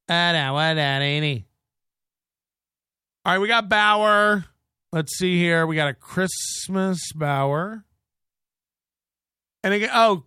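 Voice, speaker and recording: High-voiced, bright man ranting. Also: clear, resonant tone, no room sound, studio quality. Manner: rambling, sarcastic, blunt. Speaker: host. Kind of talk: casual livestream rant.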